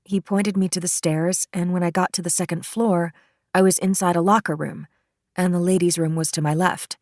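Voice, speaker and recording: Woman narrator as a shaken female witness, halting, low voice, dry close read. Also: steady tone, darkish tone, dry recording, close to an everyday voice. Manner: halting, hesitant testimony.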